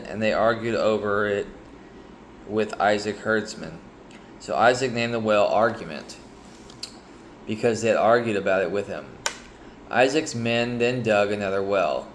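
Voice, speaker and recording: Man, low voice, casual scripture reading, halting with ums and self-corrections, sleepy, faint background hiss. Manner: hesitant, with frequent ums and restarts. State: sleepy, yawning. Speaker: Bible reader sharing reflections. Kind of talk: casual Bible reading with personal reflection.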